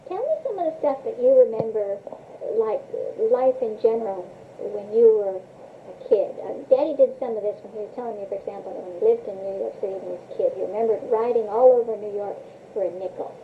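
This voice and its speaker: A woman interviewing a family member and asking quick prompting questions. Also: a little high. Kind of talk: casual interview. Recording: tinny old cassette tape with hiss.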